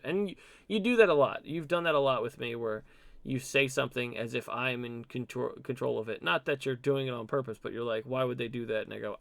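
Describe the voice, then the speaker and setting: A man hosting a casual podcast chat, talking haltingly with frequent restarts and fillers. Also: medium pitch, creaky, a bit bright, dry recording. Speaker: podcast host.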